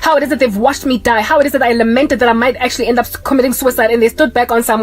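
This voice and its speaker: Fast-talking woman preaching. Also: a little high, steady tone, soft background music. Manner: emphatic, preachy, rapid-fire talk. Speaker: Christian vlogger. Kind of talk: impassioned religious monologue.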